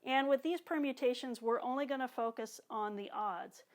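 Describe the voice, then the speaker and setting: A woman teaching drum exercises, calmly cueing each one while she plays. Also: on the high side, moderate pace. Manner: calm, counts and cues exercises while playing. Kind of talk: instructional demonstration. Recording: talk over loud drumming and metronome.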